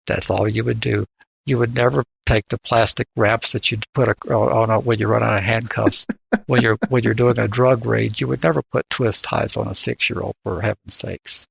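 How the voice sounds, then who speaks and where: A man's voice: lowish voice, fairly even intonation, moderate pace, creaky, breathy edge. An older man co-hosting a casual podcast discussion, often repeating words as he starts his sentences. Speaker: podcast co-host.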